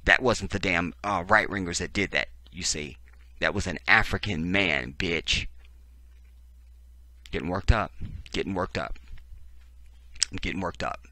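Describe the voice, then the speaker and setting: A man's voice: sits low, normal speed, pushed and bright, dry recording. A man hosting a profane, sarcastic political commentary, reading text aloud and breaking in with heated reactions. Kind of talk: ranting video commentary.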